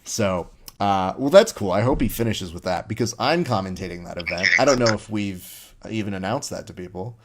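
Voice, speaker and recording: A fairly low-voiced man hosts a relaxed interview. He tells his stories with real energy and jumps into the voices of the people he quotes. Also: fairly quick, hardly any pauses, a little hiss or hum. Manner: animated storyteller who acts out quoted lines. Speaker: podcast host. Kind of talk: casual interview chat.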